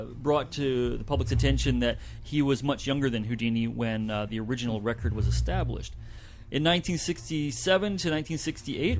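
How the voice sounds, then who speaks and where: A man's voice: medium pitch, slight background noise. A man co-hosting a community radio show, reading a report aloud with light asides. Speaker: co-host presenting a report.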